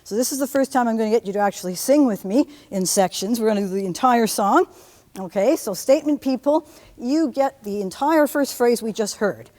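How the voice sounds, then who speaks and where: Animated woman lecturing on music theory. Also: fairly high pitch, fairly quick, in a large hall. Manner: lively, hums and sings examples. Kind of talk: university lecture.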